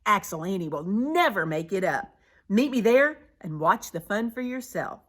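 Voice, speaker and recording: Woman reader putting on a bluster-and-bellyache resort man, high, bright and lively. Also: moderate pace. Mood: scheming. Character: blustery grumbling man ski resort owner.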